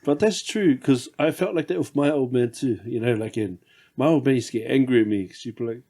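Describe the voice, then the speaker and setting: A man's voice: medium pitch, fairly quick, warm tone. A middle-aged man hosting a podcast, reflecting candidly on fatherhood and swearing casually. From New Zealand. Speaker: podcast host. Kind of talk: casual chat.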